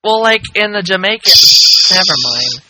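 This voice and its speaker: Man, podcast co-host, playful goofy chat, somewhat high pitch, very bright voice. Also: animated, moderate pace, low-quality recording. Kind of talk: casual chat.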